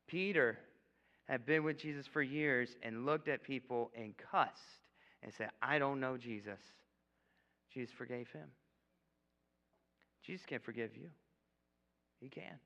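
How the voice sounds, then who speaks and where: A man's voice: mid-range voice, bright, forceful tone. A young man preaching a casual, joking sermon with an altar call, tossing in frequent "okay?" asides. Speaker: guest preacher. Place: church sanctuary. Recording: echoey hall, dull lo-fi sound.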